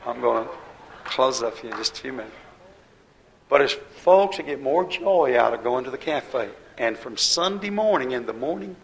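A man preaching to his congregation with a gravelly edge in his voice. His delivery is folksy and direct. He swings between loud, emphatic bursts and low, quiet stretches. His pitch sits in an ordinary middle range. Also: lively intonation, moderate pace, poor audio. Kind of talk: sermon.

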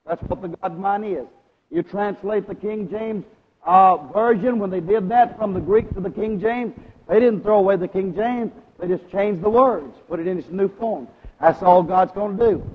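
High-voiced preacher in an echoing hall. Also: male voice, slightly rough. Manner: questions the congregation and asks for agreement; loudness swings between strong and hushed. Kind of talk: sermon to a congregation. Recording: lo-fi recording with a long hall echo.

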